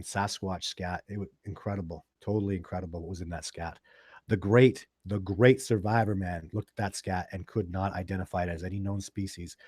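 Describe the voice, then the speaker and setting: This Sasquatch research live-stream host has a voice on the low side, darkish and slightly rough. He rambles through viewer questions and stories with many restarts and fillers. The sound is clean studio audio with no echo.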